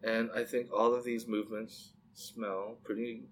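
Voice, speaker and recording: A man's voice: fairly low pitch, flat delivery, a little slow, a little hiss or hum. Playful rambling male podcast co-host. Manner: playful, rambling, laughs often. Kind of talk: casual chat.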